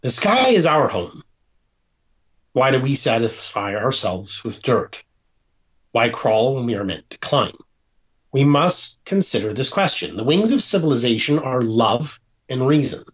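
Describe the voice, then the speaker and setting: A man, an author, reading aloud from his own book in a measured, deliberate way with dramatic pauses. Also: mid-range voice, very animated. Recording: dull lo-fi sound.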